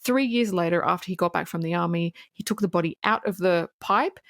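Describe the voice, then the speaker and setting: Low-voiced woman, casual podcast chat. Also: brisk, no echo, studio quality. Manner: chatty, swears freely, blunt asides. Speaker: podcast co-host. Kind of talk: casual true-crime recap.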